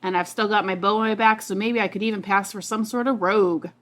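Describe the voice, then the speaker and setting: A woman's voice: medium pitch, steady tone, quick pace, fairly bright tone. A woman as a player in a tabletop game, talking casually and hesitantly with a self-deprecating manner. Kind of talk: tabletop role-play chat.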